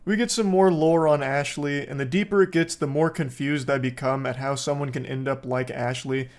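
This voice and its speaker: A man's voice: medium pitch, steady tone, normal speed. Sarcastic male commentator. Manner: sarcastic, joking, swears. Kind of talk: reaction commentary.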